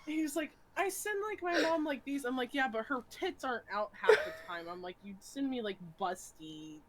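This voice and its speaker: Giggly young woman, very lively pitch. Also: moderate pace, heavy background noise. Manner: giggly, animated storytelling with swearing. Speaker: streamer. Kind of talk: casual chat.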